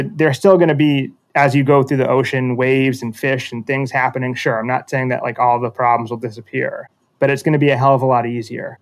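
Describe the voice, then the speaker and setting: A man telling a metaphorical story in a casual conversation, reflective and self-deprecating, often restarting sentences. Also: medium pitch.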